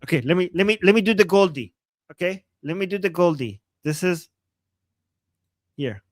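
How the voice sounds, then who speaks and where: A man from Iran co-hosts a live reaction stream, reacting with bursts of exclamations and frequent laughter. His voice sits high for a man. The sound is dry and close, with no room echo. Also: expressive, normal speed. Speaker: livestream co-host.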